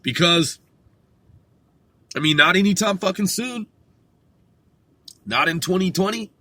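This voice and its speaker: Loose-talking man, bright tense voice. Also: high voice, animated, unhurried, dry recording. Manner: loose, profane, laughs at himself. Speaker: podcast host. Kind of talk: rambling solo talk. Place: in a car.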